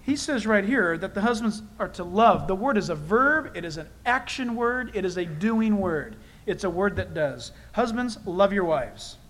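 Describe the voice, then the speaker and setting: A man with a noticeably high voice preaches a sermon to his congregation. He talks conversationally and leans hard on key phrases, repeating them for emphasis. He breaks in with candid, self-deprecating personal asides. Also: a bit bright, rough recording. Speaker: pastor.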